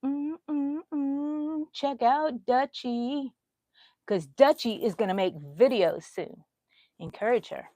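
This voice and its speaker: A woman's voice: high voice, takes it slowly, warm tone, no room sound, studio quality. A middle-aged woman hosting a live crochet stream from home, chatting with viewers and yawning now and then. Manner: chatty, reads out viewer comments, yawns often. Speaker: crochet livestream host. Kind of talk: casual live chat while crocheting.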